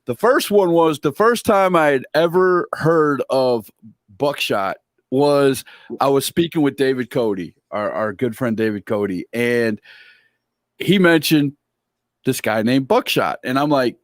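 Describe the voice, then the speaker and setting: A man's voice: mid-range voice, unhurried, no room sound, clean studio sound. A man hosting a casual interview, telling stories animatedly and acting out quoted voices. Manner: animated storyteller, acts out quoted voices with laughs. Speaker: interview host.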